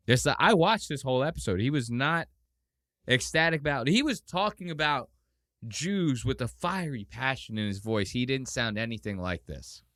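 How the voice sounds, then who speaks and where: A man hosting a podcast, casually mocking a clip with animated commentary and exaggerated impressions. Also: medium pitch, moderate pace, no room sound, studio quality. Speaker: podcast host.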